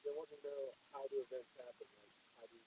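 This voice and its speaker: A man's voice: mid-range voice, steady tone, fast, mellow, breathy edge, dry recording, low-quality recording. A man relaying viewer questions outdoors, hesitant and full of fillers.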